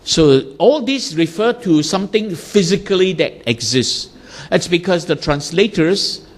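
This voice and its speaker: A man's voice: high-pitched, in a large hall. A man teaching a Buddhist class, explaining ideas through everyday examples with little acted-out quotes. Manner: acts out little everyday scenes in lively quoted voices.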